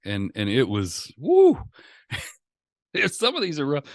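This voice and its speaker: A man's voice: mid-range voice, a little slow, no echo, studio quality. A middle-aged man, a stand-up comedian, telling stories as a guest in a casual, profane interview chat. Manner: profane, animated storyteller.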